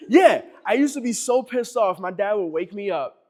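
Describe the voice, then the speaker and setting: A man's voice: sits high, expressive, moderate pace, darkish tone. Chatty East Coast man telling stories. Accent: American East Coast. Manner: chatty, laughs often, acts out quotes. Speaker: chiropractor running a workshop. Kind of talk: casual storytelling to a live group.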